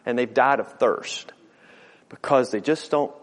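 A man's voice: medium pitch, unhurried. A middle-aged man preaching a sermon as a pastor, folksy and earnest, often repeating words and stacking alliterative phrases. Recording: long hall reverb.

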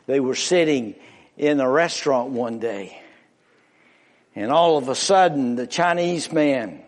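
A man preaching a sermon with an emphatic, drawn-out pulpit delivery. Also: mid-range voice.

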